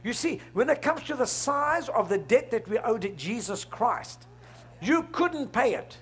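A man's voice: very high-pitched, animated, a little slow, a bit bright, breathy edge. A middle-aged man preaching a sermon, asking the congregation questions and laughing along with them. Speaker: pastor.

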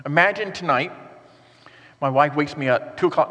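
Male pastor, slightly high voice, lively sermon delivery, long hall reverb. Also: a little fast, long pauses. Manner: earnest, animated preaching with rhetorical questions.

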